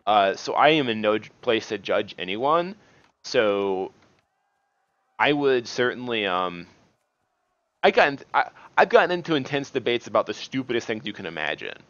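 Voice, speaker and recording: A man's voice: on the low side, very animated, a bit bright, dry recording, muffled recording. Rambling man commenting while gaming. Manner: rambling, halting, many restarts; swears in bursts at the game. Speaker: gaming video host. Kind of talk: casual commentary while playing a game.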